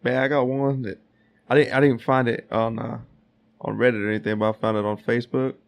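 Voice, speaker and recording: A man co-hosting a casual podcast, telling stories haltingly with repeats and chuckles. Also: medium pitch, flat delivery, vocal fry. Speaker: podcast co-host. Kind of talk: casual chat.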